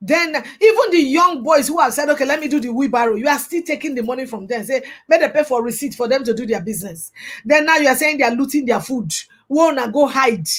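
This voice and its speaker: A young woman with a Nigerian accent and a high-pitched voice delivers an impassioned commentary monologue. She talks in a preachy, fervent way and mixes pidgin phrases into her English. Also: a bit bright. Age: young adult. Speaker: vlogger.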